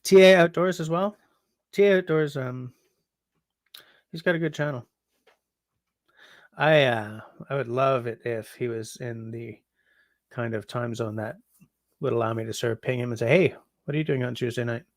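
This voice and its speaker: Tired, chatty canadian man with a gravelly voice. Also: medium pitch, steady tone, normal speed, long pauses, no room sound, clean studio sound. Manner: rambling, chatty, yawning, frequent ums. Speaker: livestream host reading chat. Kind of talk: casual livestream chat.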